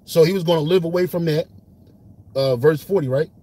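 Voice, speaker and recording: A Bible teacher leads an informal Bible study, reading verses and explaining them in casual, streetwise speech that gets lively when he retells scenes. His voice is fairly high, slightly rough, and fairly quick.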